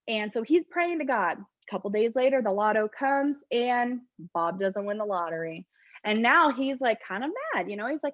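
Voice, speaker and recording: Casting note: chatty, self-deprecating woman giving a motivational talk, pitched a bit high, in a dull recording. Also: animated, moderate pace, a bit bright, no room sound. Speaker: network marketing presenter.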